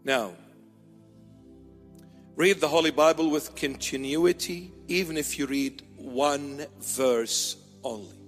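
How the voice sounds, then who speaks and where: A middle-aged bishop with a high voice preaches a lighthearted sermon, teasing his congregation and playing out both sides of little conversations. His words ring out in a hall with a long reverb. Soft music sits faintly underneath. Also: slow pace. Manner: playful, teasing preaching with mock dialogues.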